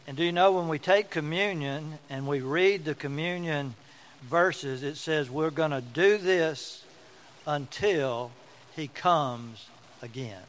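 A man's voice: fairly high pitch, poor audio. A man preaching a sermon as pastor, telling folksy stories and repeating words for emphasis.

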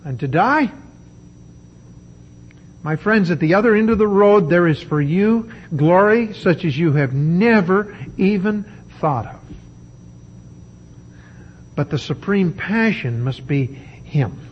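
A man preaching a sermon, emphatic and deliberate, with dramatic pauses. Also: high voice, expressive, husky, dull audio.

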